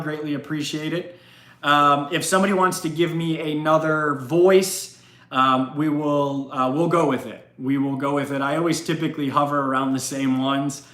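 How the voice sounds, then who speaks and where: A man's voice: a little high, bright, forceful tone. Brief: casual, rambling male streamer answering viewer questions in a roomy space. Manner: chatty, laughs often, rambling. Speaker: livestream host. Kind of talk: casual live Q&A chat. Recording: roomy echo.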